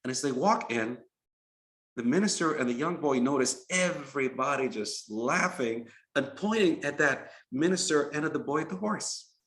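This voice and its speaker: A man narrating a moral story as a preacher, in an animated, repetitive storytelling manner. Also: medium pitch, moderate pace. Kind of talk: storytelling sermon. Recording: roomy echo.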